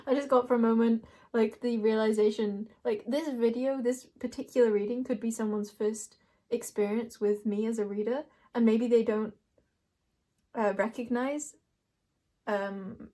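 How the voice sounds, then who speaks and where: A woman's voice: fairly high pitch, fairly even intonation, normal speed, warm tone. A young woman doing a casual card reading, playful and rambling, laughing often as she talks to herself and the viewer. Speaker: tarot reader.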